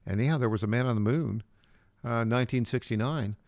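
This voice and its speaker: A man's voice: mid-range voice, a little fast, darkish tone, no room sound, clean studio sound. A man co-hosting a talk radio show, laughing along and asking leading questions.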